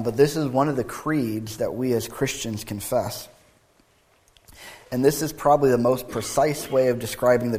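Pastor, male, mid-pitched voice, preaching earnestly and reading a creed with mounting emphasis. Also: darkish tone. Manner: thinking aloud, with repeated words and restarts. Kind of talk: sermon.

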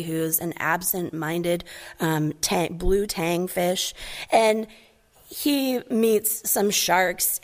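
A woman preacher giving a conversational sermon, reading scripture and retelling a story with animation. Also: lowish voice.

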